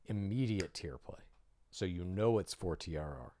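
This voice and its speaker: A man's voice: sits low, lively intonation, normal speed, dark tone, dry recording. A man co-hosting a podcast, giving sardonic, analytical commentary on a reality star. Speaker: podcast co-host. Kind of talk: reaction commentary.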